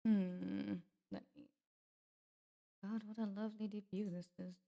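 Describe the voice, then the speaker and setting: A woman's voice: mid-range voice, little pitch movement, a little slow, vocal fry, dark tone. A woman streamer chatting in character with viewers at her debut, theatrical and affectionate, calling them darling. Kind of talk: in-character livestream debut chat.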